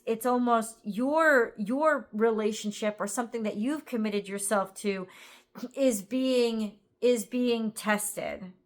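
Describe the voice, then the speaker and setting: A woman's voice: fairly high pitch, a bit bright. A woman giving a casual tarot reading to camera. She sounds tired and rambles as she thinks aloud, with many fillers. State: tired, yawning. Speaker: tarot reader.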